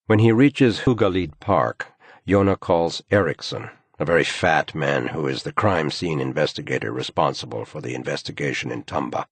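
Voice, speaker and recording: A man reading a crime thriller audiobook in measured, grave scripted narration. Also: extremely low pitch, slightly rough, no echo.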